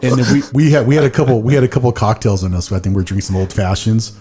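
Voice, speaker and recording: Male podcast host, lowish mellow voice, laid-back chatty storyteller. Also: very fast, soft background music. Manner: relaxed, chatty storytelling, occasional swearing. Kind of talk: casual podcast chat.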